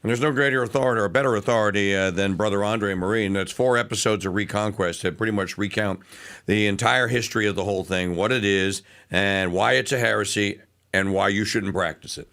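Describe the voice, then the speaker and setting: Gravelly bright talk radio host. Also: male voice, on the low side, a little fast. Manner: animated, mocking, breaks into voices. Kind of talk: opinionated talk radio monologue.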